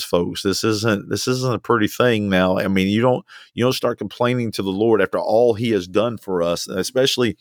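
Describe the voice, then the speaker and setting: A man preaching a sermon with fervent repetition and sudden swings of pitch. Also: fairly bright tone, no echo, studio quality. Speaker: pastor.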